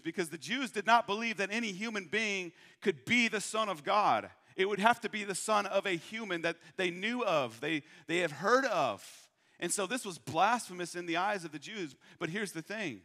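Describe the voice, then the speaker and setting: A man from Michigan preaches with a bright, forceful tone and a slightly high pitch. He leans on rhetorical questions and slows right down to stress key lines. His voice rings out through a long reverb, as in a big church hall. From Michigan, USA. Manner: rhetorical questions, emphatic slowed repetition. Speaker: pastor. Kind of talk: sermon.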